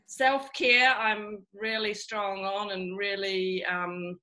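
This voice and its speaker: A woman with a New Zealand accent speaks openly and with self-deprecating honesty, her voice bright and clear. She talks at an ordinary mid pitch, chatting over a video call. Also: level tone, slow. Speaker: guest author. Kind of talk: casual video call chat.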